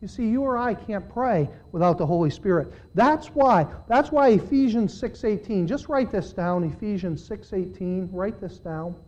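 A male pastor preaching a sermon. He speaks conversationally, questions the congregation directly, and swings between quiet and loud. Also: high voice, animated, moderate pace, few pauses, highs cut off. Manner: dramatic, with big swings in loudness.

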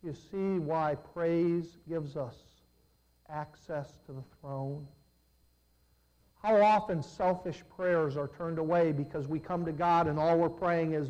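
A man preaching a sermon, swinging between loud emphatic lines and low, hushed ones. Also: steady tone, slow, highs cut off.

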